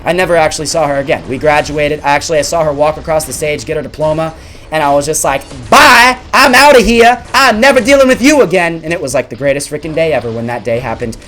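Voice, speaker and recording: Animated young man telling a story. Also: fairly high pitch, slight background noise. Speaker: gaming channel host. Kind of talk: storytelling over gameplay.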